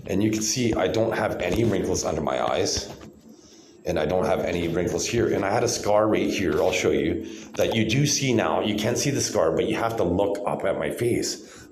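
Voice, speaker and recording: Profane rambling man, lowish voice. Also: animated, brisk, darkish tone, reverberant, slight background noise, poor audio. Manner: profane, rambling, insistent, keeps saying "right?". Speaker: vlogger. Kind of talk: rambling monologue to camera. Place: hospital room, indoors.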